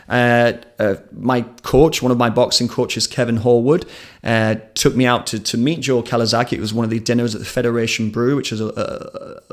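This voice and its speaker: A man hosting a live combat sports stream, talking in a chatty, rambling way and telling anecdotes in a studio. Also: medium pitch.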